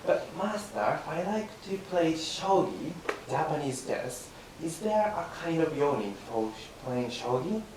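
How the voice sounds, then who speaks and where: A man's voice: fairly high pitch, big pitch swings, unhurried, hardly any pauses. A man playing an eager, brash young student in rakugo comic storytelling. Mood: polite eager. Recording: roomy, distant mic, faint hiss.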